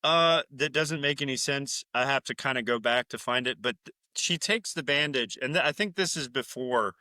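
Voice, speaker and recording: Bright-voiced, rambling male podcast host. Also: mid-range voice, normal speed, no room sound. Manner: rambling, profane, laughing loudly, mimicking characters. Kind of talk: casual chat recapping a film.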